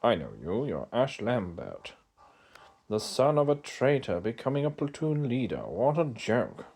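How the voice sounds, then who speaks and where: A man's voice: mid-range voice, huge pitch swings, unhurried, darkish tone, husky, full character voice. A man voicing an arrogant, mocking male villain officer in a retro video game while reading its dialogue aloud. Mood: taunting. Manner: mocking, taunting.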